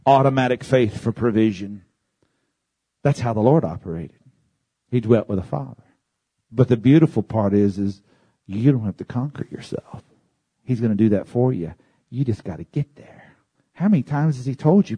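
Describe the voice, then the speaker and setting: A man preaching a sermon, moving from calm teaching to loud, high-pitched shouting. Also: moderate pace, pauses often, husky, no room sound.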